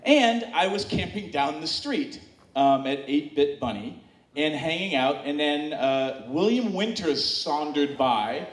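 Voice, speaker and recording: A man telling a comic story live on stage, chatty and full of fillers and restarts, bantering with the audience and getting them to shout answers back. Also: a little high, lively intonation, unhurried, far from the mic. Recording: echoey room, heard from off-mic.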